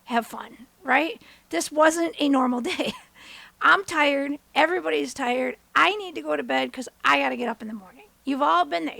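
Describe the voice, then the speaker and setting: A woman in her thirties hosting a podcast, telling a personal story as a motivational monologue and acting out the quotes with big jumps in pitch. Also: gravelly, a bit bright, no echo. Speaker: podcast host.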